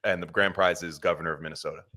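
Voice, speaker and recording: A man's voice: deep voice, fairly even intonation, rapid-fire, sharp tone. A middle-aged man co-hosting a podcast, rambling and swearing, often mimicking other people in funny voices. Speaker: podcast co-host. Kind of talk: casual chat.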